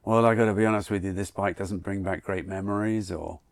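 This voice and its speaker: Male host, lower voice, dry mic, quick joking questions. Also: steady tone, creaky, no room sound. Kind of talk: casual chat.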